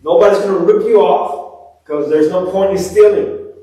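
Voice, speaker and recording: Mellow preacher in an echoey church room. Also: male voice, high-pitched, normal speed, recorded from a distance. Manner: animated, swells up then drops to soft near-whispers. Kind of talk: sermon with scripture reading and storytelling.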